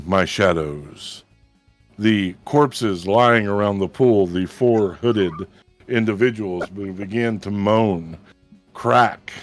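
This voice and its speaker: A man leads a tabletop game as its game master, describing the action in a measured way and breaking off for casual asides. His voice sits low and his pace is slow and deliberate. The sound is dry and close. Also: no echo.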